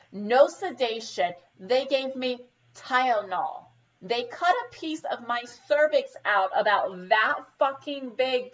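Woman, thirties, casual podcast chat, swears a lot, lo-fi sound. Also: a little high. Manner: profane, animated storyteller. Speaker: podcast co-host.

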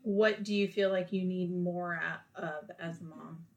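A woman's voice: on the low side, steady tone, a little slow, vocal fry. A woman in her thirties hosting a casual podcast, asking questions with a teasing, playful touch. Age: 30s. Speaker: podcast host. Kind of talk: casual interview chat.

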